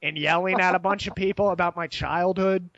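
A man's voice: sits high, a little fast, dry recording, muffled recording. A young man telling a rambling, profane story in casual chat, laughing as he goes. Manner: animated, profane, laughs while telling stories.

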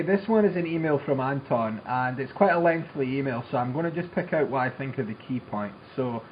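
A man of middle pitch co-hosts a poker podcast and sums up listener emails in a measured, steady voice. His audio sounds a little dull, with a faint hiss of noise behind it. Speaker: podcast co-host. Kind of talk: casual podcast chat and reading listener mail.

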